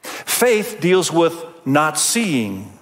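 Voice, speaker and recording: A man's voice: fairly high pitch, sing-song, drawn-out words. An older man preaching a sermon as pastor, earnest and emphatic, with rhetorical questions. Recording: long hall reverb.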